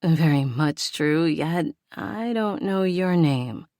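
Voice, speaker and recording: A woman's voice: sits low, lively intonation, slow, dark tone, dry recording, studio quality, exaggerated voice. A woman voicing a polite, flustered store owner speaking to a customer.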